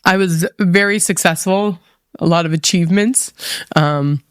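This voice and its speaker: A woman's voice: on the low side, unhurried, clean tone, no echo, studio quality. A middle-aged woman speaking as a podcast guest, earnest and openly emotional, with many fillers as she talks. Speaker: podcast guest, mindset coach. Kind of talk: candid interview conversation.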